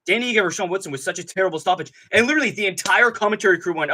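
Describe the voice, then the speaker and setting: A man hosting a live fight-night stream, ranting in a rambling, profane, excitable way and often laughing mid-sentence. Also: sits high, very fast. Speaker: MMA streamer host. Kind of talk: live stream commentary, casual rant.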